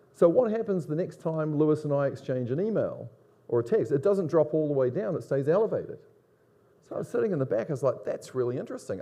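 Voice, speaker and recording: A middle-aged man with a Long Island accent speaks at a conference. His tone is mellow and relaxed. He presents in a lively, conversational way and keeps putting questions to the audience. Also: fairly high pitch. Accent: Long Island New York. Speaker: conference speaker, business academic.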